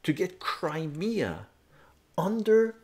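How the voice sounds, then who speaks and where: A man's voice: high-pitched, sing-song, very slow, a little mellow. A man in his forties giving heated, profane political commentary on a live stream and reading chat aloud.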